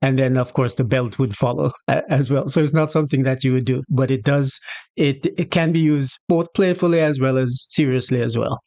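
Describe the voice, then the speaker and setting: A man with a Jamaican accent hosting a casual lesson on patois, relaxed and chatty, acting out little everyday scenarios. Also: mid-range voice, brisk, no echo. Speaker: channel host teaching patois. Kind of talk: casual explanatory lesson to camera.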